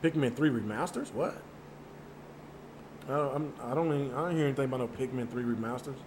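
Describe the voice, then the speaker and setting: A man's voice: medium pitch, brisk, noisy background. A man hosting a gaming channel, chatting casually with his viewers in a loose, emphatic way, with repeated words and mild cursing. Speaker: gaming channel host reading viewer chat. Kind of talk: casual live-stream chat.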